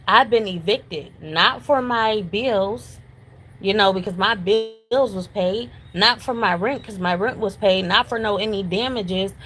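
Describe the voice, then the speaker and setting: A woman's voice: medium pitch, fairly bright tone, slight background noise, rough recording. Emotional, insistent woman in her thirties. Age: 30s. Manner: insistent, repetitive, confrontational. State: near tears. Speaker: homeless mother speaking out. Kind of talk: emotional personal testimony.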